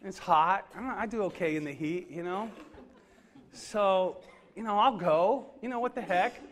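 High-voiced man telling a funny story. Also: a little slow, a bit bright. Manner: self-deprecating, conversational storytelling with many fillers. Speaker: pastor. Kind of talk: humorous sermon story.

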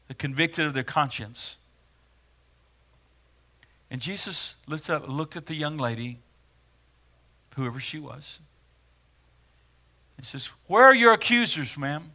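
A male pastor preaching a sermon in a dramatic way, swinging from hushed words to loud ones. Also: on the high side, unhurried, long pauses.

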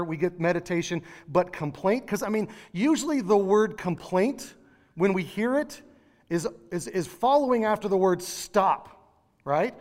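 A man preaching a sermon in a church, conversational, with animated asides. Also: sits high, long reverb tail.

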